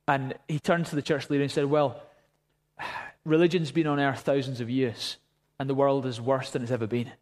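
A man's voice: medium pitch, level tone, moderate pace. A man preaching a sermon, telling a story and then praying fervently. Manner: storytelling, rising to fervent prayer. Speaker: pastor.

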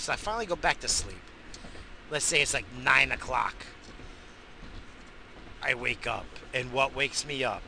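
Man, gravelly voice, very bright tone, casual rambling monologue, loud bursts and low mutters, faint hiss. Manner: swears often, coughs while smoking. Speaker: podcast host.

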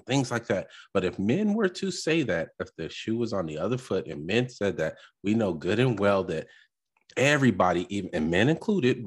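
A man with a very low, husky voice delivers a blunt, rambling podcast rant. He circles back on his own words and keeps pressing his point in an opinionated reaction commentary. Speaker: podcast host. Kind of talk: reacting to a clip, ranting commentary.

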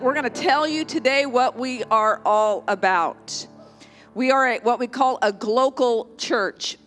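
A woman pastor with a high, slightly bright voice preaches a live sermon during a church service. She is emphatic and joking, calling for responses from the congregation.

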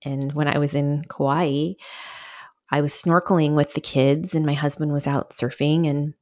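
A woman's voice: low voice, level tone, unhurried, darkish tone. A middle-aged woman hosting a solo podcast, telling a personal story in a candid, chatty way with lots of fillers. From Southern California. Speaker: podcast host.

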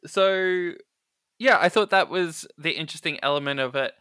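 A man's voice: fairly high pitch, normal speed, pushed and bright, clear, resonant tone, no room sound, studio quality. A man co-hosting a podcast in casual chat, talking loosely with many fillers and little laughs. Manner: chatty, filler-heavy, amused. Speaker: podcast co-host.

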